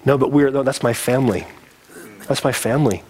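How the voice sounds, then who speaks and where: A man's voice: mid-range voice, a little fast, a little mellow, slight background noise. A man preaching a sermon as a pastor, earnest and conversational, getting teary.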